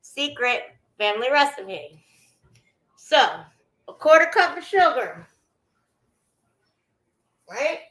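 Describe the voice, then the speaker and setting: A woman's voice: high-pitched, very animated, slow, pauses often, fairly bright tone, low-quality recording. A woman chatting casually with viewers while cooking, greeting them by name as she goes. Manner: chatty, greets viewers mid-sentence, trails off. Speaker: vlogger cooking on a livestream.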